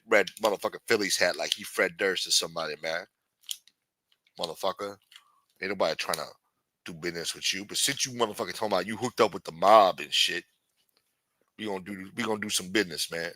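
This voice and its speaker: A man's voice: low-pitched, bright, forceful tone. A man playing a threatening, profane street hustler in improvised comic role-play. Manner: profane, taunting, streetwise swagger. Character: menacing male street hustler, adult, threatening.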